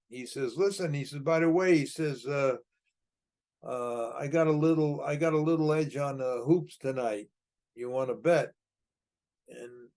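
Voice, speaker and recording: A man's voice: medium pitch, a little mellow. Older American man spinning a rambling yarn. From United States. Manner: rambling, repeats words and restarts, acts out gangster dialogue in a gruff tough-guy way. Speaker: podcast guest telling his life story. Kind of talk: casual storytelling.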